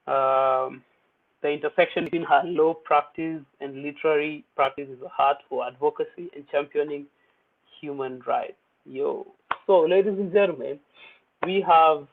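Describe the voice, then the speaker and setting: A man's voice: medium pitch, creaky. A man hosting a poetry open mic, introducing the featured poets in a casual, hyped way with many fillers. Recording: tinny phone-like audio.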